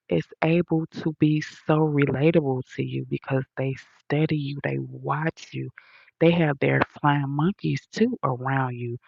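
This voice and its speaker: Woman streamer, slow and gravelly, profane and preachy, dull dry lo-fi sound. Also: low voice, dry recording. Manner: blunt, profane, preachy slang. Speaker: livestream host answering comments. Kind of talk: casual livestream rant.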